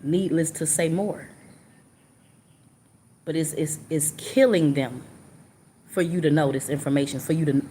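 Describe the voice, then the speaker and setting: Low-voiced woman giving a spiritual reading. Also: unhurried, pauses often, warm tone, a little hiss or hum. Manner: earnest, repetitive, emotional, informal speech. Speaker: tarot reader channeling messages.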